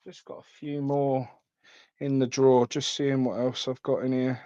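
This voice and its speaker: A man's voice: medium pitch, flat delivery, moderate pace, mellow, dry recording, highs cut off. A man hosting a live trading card stream, chatting casually and calling viewers mate.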